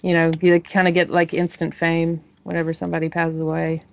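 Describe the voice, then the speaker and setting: A woman's voice: sits low, monotone, fairly quick, vocal fry, darkish tone, lo-fi sound. A woman hosting a podcast in casual chat, talkative and full of "like" fillers, laughing often. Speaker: podcast host.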